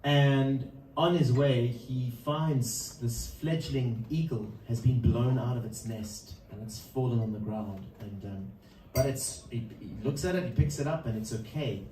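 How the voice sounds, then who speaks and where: Mellow man telling a story on stage. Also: mid-range voice, a little slow, hardly any pauses, slight background noise. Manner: loose, rambling storyteller with frequent chuckles. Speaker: musician introducing a song. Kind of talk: live storytelling between songs. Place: live performance room. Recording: roomy live sound from a distance.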